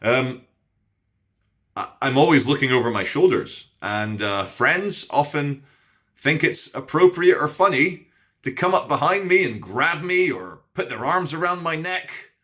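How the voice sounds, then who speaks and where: English guy ranting to camera, bright sharp voice, lots of swearing. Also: on the high side, measured pace. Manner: animated storyteller who swears a lot. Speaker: street streamer. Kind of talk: casual monologue to camera.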